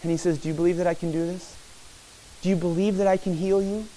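A man's voice: high-pitched, flat delivery, fast talker, dark tone, rough recording. A man preaching a sermon as pastor, earnest and repetitive, often addressing the listeners as friends.

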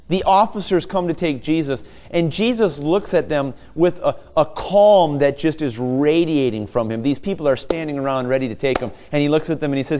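Guy preaching a sermon, kinda high voice, really animated, lots of rhetorical questions. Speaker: pastor.

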